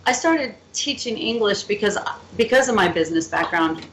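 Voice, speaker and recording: A woman guest on a radio interview, telling stories in a lively, playful, chatty way. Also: mid-range voice, moderate pace, a little hiss or hum, low-quality recording. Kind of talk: casual interview storytelling.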